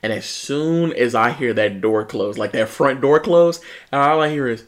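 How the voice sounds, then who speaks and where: A young man in casual chat, telling lively stories, mimicking people and laughing often. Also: medium pitch, normal speed. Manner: animated storyteller, mimics people, laughs a lot, swears.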